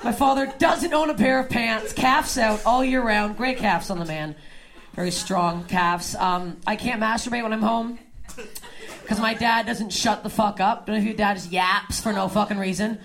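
A woman from Canada performing a stand-up set on a club stage, deadpan and swinging between low mutters and loud outbursts. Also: moderate pace. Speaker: stand-up comic.

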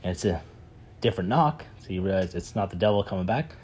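A man telling a parable in a casual, animated way, with many fillers and repeats. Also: low-pitched, quick pace, a little hiss or hum. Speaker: speaker retelling a parable. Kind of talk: animated storytelling talk.

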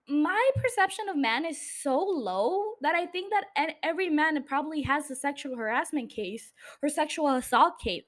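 A woman with a high, lively voice rants alone into her podcast microphone. She is blunt and sarcastic and swears freely. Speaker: podcast host. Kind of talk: solo podcast rant. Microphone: studio microphone.

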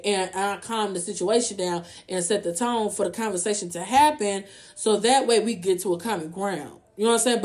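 A young adult woman, talking casually to her viewers. She speaks bluntly, swears freely and keeps asking "you know what I'm saying". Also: on the high side. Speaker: vlogger. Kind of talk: casual free talk to viewers.

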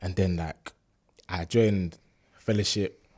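A young man in his twenties recounts his university days in a relaxed, slang-heavy conversational style. His voice sits fairly low and carries a husky, breathy edge. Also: slow pace. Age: 20s. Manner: relaxed street slang, lots of fillers, animated when retelling. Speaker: university student sharing a testimony. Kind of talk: casual storytelling chat.

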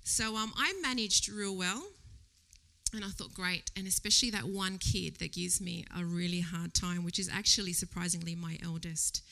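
A woman speaks to a church congregation in a casual sermon, with a bright, ringing tone. She talks in a chatty, animated way, laughs often and lowers her voice to a whisper when she quotes her own thoughts. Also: moderate pace, creaky. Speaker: lay preacher. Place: church service before a congregation.

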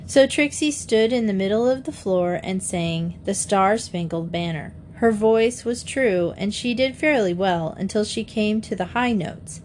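A woman narrating a children's mystery audiobook in a measured, gentle storytelling voice. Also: mid-range voice, a little hiss or hum.

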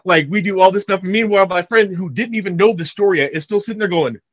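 A man co-hosting a podcast, telling a story in a casual, animated way and acting out the people he quotes. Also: sits high, fast. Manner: animated, acts out quoted voices. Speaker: podcast co-host. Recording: dry, dull lo-fi sound.

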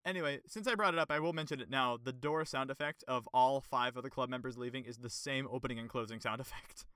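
A man's voice: mid-range voice, fast, sharp tone, clear, resonant tone, no room sound, clean studio sound. A man co-hosting a podcast, chatting in an upbeat, enthusiastic way and laughing easily. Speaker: podcast co-host. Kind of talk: casual podcast review chat.

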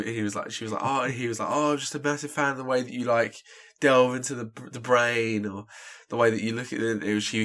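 A man's voice: lowish voice, bright, forceful tone. A man co-hosting a podcast, telling a rambling story in casual chat full of "like". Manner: rambling storyteller, many "like" fillers. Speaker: podcast co-host.

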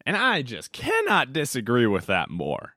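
A man's voice: medium pitch, wildly swooping pitch, a little slow, pushed and bright, dry recording, clean studio sound. A young man talking casually on his solo podcast, rambling with lots of fillers and self-corrections. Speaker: podcast host.

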